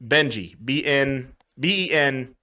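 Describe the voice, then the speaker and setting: Young man, podcast co-host, casual storytelling, swears often, acts out quotes, mid-pitched voice. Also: slow, pushed and bright.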